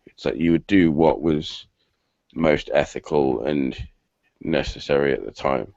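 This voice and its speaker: Hosting a casual video-call hangout, a British man talks in a very deep, creaky, slightly mellow voice at an unhurried pace. His speech is rambling and stop-start with many restarts. The dry, muffled lo-fi audio comes from a computer mic.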